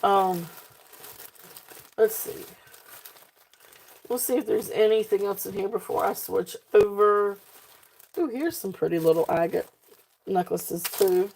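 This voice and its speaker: A woman's voice: mid-range voice, vocal fry, mellow. A woman with a Southern accent hosting a live jewelry sale, chatting casually and rambling off on tangents, laughing often. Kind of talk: casual live-stream selling chat.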